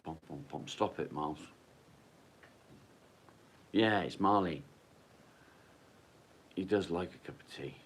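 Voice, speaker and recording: A man's voice: deep voice, slow pace, pauses often, a little hiss or hum. A man hosting a casual live stream at home in his kitchen, chatting bluntly, swearing freely and talking to his dog.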